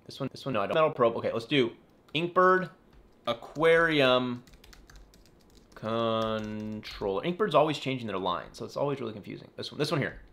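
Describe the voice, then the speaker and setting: A man's voice: mid-range voice, expressive, fast, gravelly, fairly bright tone. A man hosting a casual live-stream Q&A as an aquarium YouTuber, chatty and rambling, often correcting himself and apologizing. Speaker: aquarium YouTuber answering viewer questions. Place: home in the California desert.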